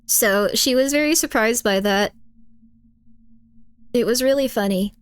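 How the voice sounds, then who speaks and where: A woman streamer in casual chat, rambling along with lots of "like"s and restarts and laughing easily. Her voice sits a bit high, and the sound is dry and close with no room around it. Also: a little slow, clean tone, no room sound. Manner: rambling, frequent fillers and laughter. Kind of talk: casual chat, reacting to chat and videos.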